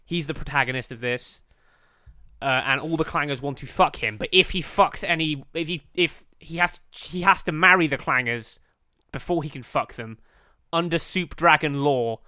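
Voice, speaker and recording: Brief: male podcast host, a bit high-pitched and crisp, crude joking riffs full of swearing. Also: normal speed, bright, forceful tone, no echo, clean studio sound. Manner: laughing, riffing, swearing freely. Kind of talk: crude comedic banter.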